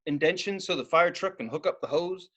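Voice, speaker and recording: A man's voice: a little high, fairly quick, fairly bright tone, lo-fi sound. A man co-hosting a podcast, telling a story in casual, profane chat and acting out the voices of the people he quotes. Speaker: podcast co-host.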